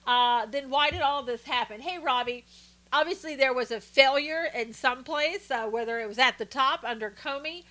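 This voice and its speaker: Woman, live-stream host, casual political commentary, bright voice, fairly high pitch, opinionated, chatty, many fillers. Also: normal speed. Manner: chatty, opinionated, with frequent fillers and greetings to viewers. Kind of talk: casual political commentary, reading viewer chat.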